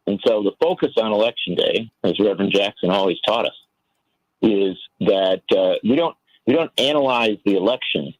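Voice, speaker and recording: A man's voice: fairly low pitch, dry recording, poor audio. A man giving earnest, impassioned political commentary as a guest on a talk radio show, telling a story to make his point. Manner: earnest, impassioned, tells stories.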